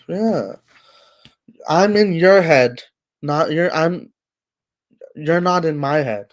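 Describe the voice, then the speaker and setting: A man hosts a casual livestream and answers his chat at an unhurried, drawn-out pace. His talk is thick with fillers and restarts, and he keeps scolding trolls. It sounds like he is speaking into a home streaming mic. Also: fairly high pitch, expressive. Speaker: livestream host.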